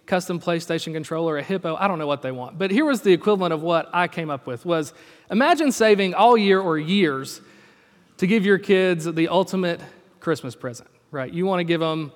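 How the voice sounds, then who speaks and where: High-voiced preacher in a reverberant hall. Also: male voice, a little fast. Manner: conversational, storytelling with acted quotes. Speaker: pastor. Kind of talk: sermon.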